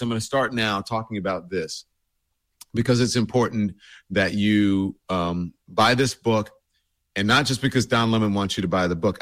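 A man's voice: low voice, no echo. Man with a scratchy throat hosting a stream. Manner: loose and rambling, many fillers. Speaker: show host. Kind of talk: casual address to a livestream audience.

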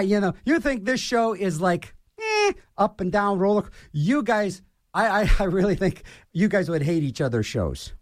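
A man's voice: high voice, no room sound, studio quality. A man hosting a radio show, rambling and ranting in a self-mocking way as he jumps from topic to topic. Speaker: radio DJ host. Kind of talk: rambling on-air monologue.

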